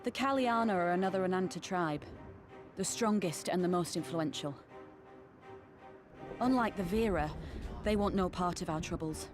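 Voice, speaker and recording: A woman plays a composed serpent-folk leader welcoming travellers in a fantasy game. Her voice sits a little low, and she speaks in a measured, courteous way, with faint music underneath. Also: close to an everyday voice. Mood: calm.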